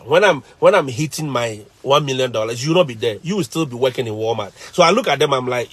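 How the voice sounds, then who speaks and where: A man's voice: mid-range voice, animated, quick pace, few pauses, a bit bright, husky. A man, a teacher and vlogger, chatting casually on a live stream, telling stories animatedly, laughing often and repeating phrases.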